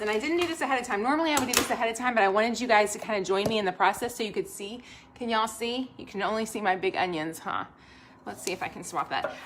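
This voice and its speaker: While cooking in her home kitchen, a cheerful livestream host talks right to her audience and reads their comments aloud. Her pitch is fairly high, and there's background noise in the recording.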